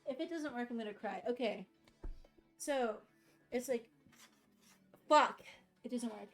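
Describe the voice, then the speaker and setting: A woman's voice: a little high, moderate pace, warm tone, soft background music. Rambling, giggly woman streamer. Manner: rambling, self-deprecating, swears and laughs often. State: tired and overheating. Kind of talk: casual live-stream chat.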